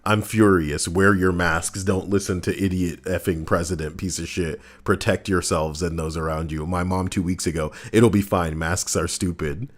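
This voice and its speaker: A man live-streaming, reacting and chatting casually, swinging between loud outbursts and low mutters. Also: level tone, normal speed, hardly any pauses.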